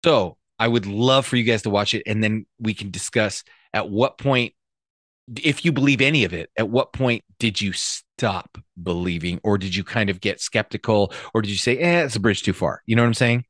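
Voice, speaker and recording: A man's voice: lowish voice, normal speed, fairly bright tone, no room sound, clean studio sound. A middle-aged man hosting a casual chat, rambling loosely and telling crude jokes. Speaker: podcast host.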